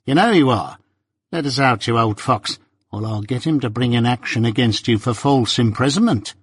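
A man voicing a brisk, dry male law clerk with a wry, clipped manner, read as an audiobook. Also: medium pitch, slightly rough, no echo, lightly acted.

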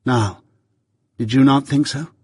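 A man's voice: mid-range voice, unhurried, slightly rough, dry recording. A man reading a cold, composed young woman. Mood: cold, calm. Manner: calm, detached, indifferent. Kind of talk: audiobook character reading.

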